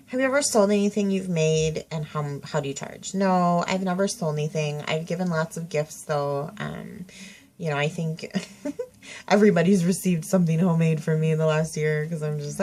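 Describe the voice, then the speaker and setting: A woman's voice: deep voice, normal speed, a little mellow. A woman, stuffy-nosed, rambling through a casual tag video at home with lots of fillers and self-corrections. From Minnesota. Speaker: craft vlogger. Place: home craft room.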